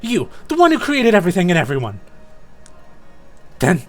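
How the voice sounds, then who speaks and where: A man's voice: high voice, wildly swooping pitch, normal speed, soft background music. A man voicing a furious young psychic cat, female. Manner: angry, accusing.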